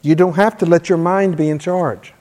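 Brief: male preacher, slightly high voice, sermon delivery, long hall reverb. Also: fairly even intonation, moderate pace. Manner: leads call-and-response prayer, forceful commands. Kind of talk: sermon teaching.

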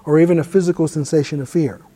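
Warm-voiced man teaching in a reverberant hall. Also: a little high, steady tone, quick pace. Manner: conversational, self-deprecating storyteller. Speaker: ministry teacher. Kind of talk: informal teaching with personal story.

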